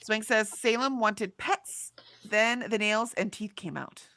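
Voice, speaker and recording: Bright-voiced chatty woman streamer. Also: medium pitch, slow, no room sound, clean studio sound. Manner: reads chat comments aloud, chatty and laughing. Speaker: co-host of a livestream. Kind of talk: casual chat.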